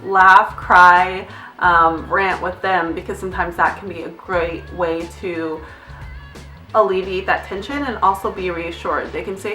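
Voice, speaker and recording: A woman's voice: on the low side, fairly even intonation, a little slow, pushed and bright, reverberant, far from the mic, soft background music. A young adult woman, a nurse, giving candid, chatty advice in a casual vlog, now and then glancing at notes and swearing lightly. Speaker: nurse vlogger.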